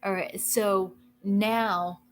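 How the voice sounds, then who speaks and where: Middle-aged woman host, unhurried, halting speech full of restarts, mid pitch. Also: fairly even intonation. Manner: slow, halting, frequent restarts and self-talk. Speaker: livestream host. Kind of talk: casual livestream chat.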